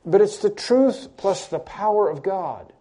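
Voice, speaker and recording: Emphatic preaching man, mellow voice. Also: high voice, expressive, a little slow. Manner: emphatic preaching with repeated phrases, rising to loud stresses. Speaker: pastor. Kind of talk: sermon.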